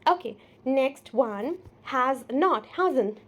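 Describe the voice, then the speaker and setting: A young woman teaches an English lesson in an Indian English accent. Her voice sits a little high, and she drills each phrase by saying it twice, slowly and deliberately. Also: expressive. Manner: slow, repetitive drilling of example sentences.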